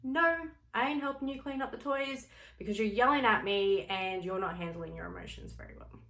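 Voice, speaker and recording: A woman's voice: mid-range voice, fairly quick, a bit bright, roomy sound, pitched above the performer's own voice, close to an everyday voice, poor audio. A woman voicing a defiant little toddler who talks back in a cheeky, matter-of-fact way. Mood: sassy.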